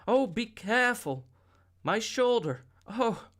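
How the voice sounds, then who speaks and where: A man reading an audiobook and voicing a distraught, bitter woman in a raised, sharp voice. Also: on the high side, sing-song, measured pace. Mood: shrill.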